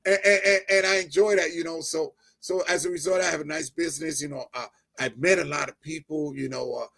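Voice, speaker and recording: A creaky, fairly high voice belongs to a middle-aged New Jersey man speaking fairly quickly as an interview guest. Sharing an emotional testimony, he's animated, laughs a lot, and raises his voice whenever excitement takes over.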